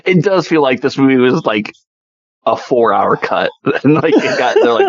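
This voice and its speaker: A man's voice: mid-range voice, moderate pace, no echo. A man co-hosting a casual movie review podcast, exasperated and swearing, acting out characters as he retells scenes. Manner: exasperated, animated, swears, acts out characters mid-story. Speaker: podcast co-host. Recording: dull lo-fi dry sound.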